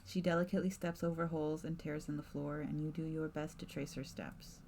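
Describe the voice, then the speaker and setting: A woman streamer reading a spooky game's narration aloud in a measured, softly dramatic way. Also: low voice, level tone, vocal fry, slight background noise.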